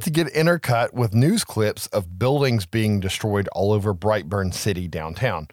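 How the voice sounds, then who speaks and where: Lower-voiced man recapping a film. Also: normal speed, few pauses, no room sound, studio quality. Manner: animated, profane storytelling. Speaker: podcast co-host. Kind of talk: casual podcast film recap.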